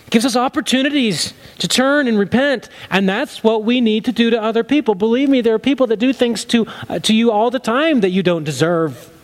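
A man with a notably high voice preaching a sermon. He speaks earnestly, building to emphatic peaks and then falling to low, quiet lines. The delivery is that of a pastor addressing his congregation. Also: a little fast.

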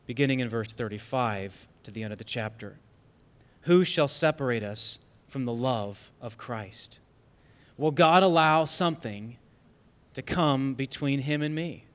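A male pastor preaching a sermon with emphatic rhetorical questions, swinging between loud and soft. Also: mid-range voice. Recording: long hall reverb.

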